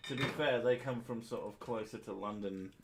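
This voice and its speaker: A man's voice: fairly low pitch, moderate pace, very noisy. A man hosting a podcast, talking in a blunt, sweary and opinionated way in casual chat. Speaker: podcast host.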